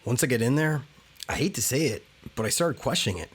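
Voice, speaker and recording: A man's voice: mid-range voice, lively intonation, fast talker, breathy edge. A man hosting a travel vlog, talking casually with wry, candid asides. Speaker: travel vlogger.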